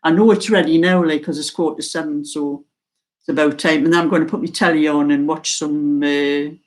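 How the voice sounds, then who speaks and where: An older woman with a mild Geordie accent, chatting slowly and casually to her viewers as host of a knitting channel, laughing often. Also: deep voice, steady tone. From North East England.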